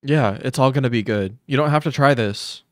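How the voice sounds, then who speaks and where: A man's voice: medium pitch, fairly quick, no echo. Man, live reaction stream, sarcastic, crude, dry close sound.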